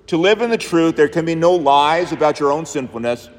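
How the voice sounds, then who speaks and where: Pastor, male, slightly high voice, emphatic rhythmic sermon delivery, long church reverb. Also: moderate pace, hardly any pauses. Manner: emphatic, rhythmic preaching with repeated phrases.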